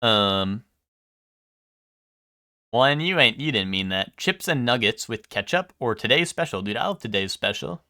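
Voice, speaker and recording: A young man streaming live and chatting casually with his viewers, rambling, swearing freely and filling pauses with "um". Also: mid-range voice, animated, pushed and bright, no echo, studio quality. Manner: rambling, swears a lot, full of ums.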